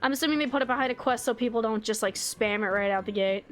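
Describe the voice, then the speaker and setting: High-voiced excitable woman streamer. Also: fast talker, soft background music. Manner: excitable, swears freely, reads menu items aloud. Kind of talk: casual live game stream commentary.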